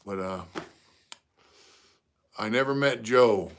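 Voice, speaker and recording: A man's voice: fairly low pitch, slow, a little hiss or hum. A middle-aged man, chatting casually on a live stream and greeting viewers by name between stories.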